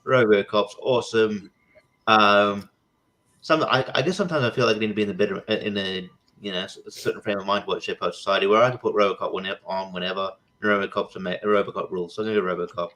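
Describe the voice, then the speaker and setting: A man's voice: on the low side, steady tone, quick pace, a bit bright, rough recording. A man on a panel in a casual movie podcast. He talks hesitantly and often stops to restart his sentences. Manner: hesitant, many restarts and fillers.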